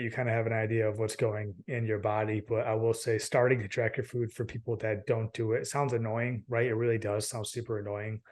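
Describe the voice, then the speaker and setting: Male podcast host, mid-pitch, casual and animated, chatty interviewer. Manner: animated, laughs easily, uses many fillers.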